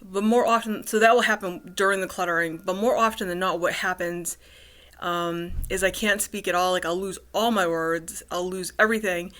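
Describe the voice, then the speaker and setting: A woman in her thirties talking casually to the camera in a personal vlog, halting often with ums, restarts and cut-off words. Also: on the low side, steady tone, a bit bright. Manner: halting, full of restarts and ums, cluttered speech. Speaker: vlogger.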